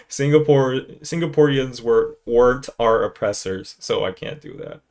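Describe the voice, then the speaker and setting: Man hosting a relaxed live podcast. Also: medium pitch, measured pace. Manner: loose and rambling, jumping into playful impressions. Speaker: podcast host. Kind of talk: casual live-stream chat.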